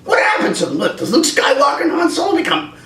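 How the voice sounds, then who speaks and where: A man impersonating a bewildered teenage sidekick in a squeaky, incredulous voice. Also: wildly swooping pitch, fast talker, bright, forceful tone, distant mic, heavily acted. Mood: baffled. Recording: roomy echo, off-mic.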